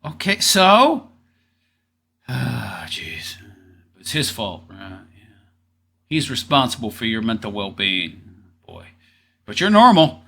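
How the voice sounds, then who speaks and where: A man's voice: mid-range voice, huge pitch swings, takes it slowly, vocal fry, long pauses, sharp tone, breathy edge. Sarcastic man mocking a clip. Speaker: commentator reacting to an interview. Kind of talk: casual reaction commentary.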